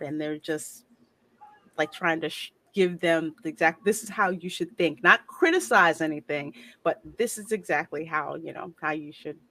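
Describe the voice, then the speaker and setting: A woman co-hosting a live-stream podcast over a video call, opinionated and animated with laughing asides. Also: sits low. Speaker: podcast co-host. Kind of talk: casual live-stream chat.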